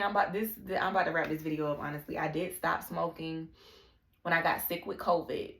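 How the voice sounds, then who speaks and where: Low gravelly woman in an echoey room. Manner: candid and confiding, with fillers and slang. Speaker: vlogger. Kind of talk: casual personal vlog.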